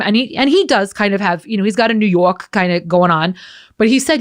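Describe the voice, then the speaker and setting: A woman's voice: mid-range voice, brisk. An American woman hosting a podcast, chatting casually and frankly and swearing now and then. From United States. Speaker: podcast host. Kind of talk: casual chat.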